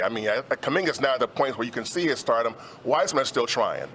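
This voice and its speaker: A man talking as a sports analyst on a talk show, relaxed and rambling with lots of fillers. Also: medium pitch, a little fast.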